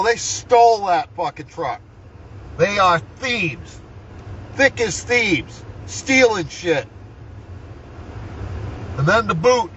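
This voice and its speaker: A man's voice: high voice, a bit bright, lo-fi sound, slight background noise. An older man vlogging from inside a vehicle, telling his story in a heated, swearing rant and often asking "right?". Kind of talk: angry personal rant.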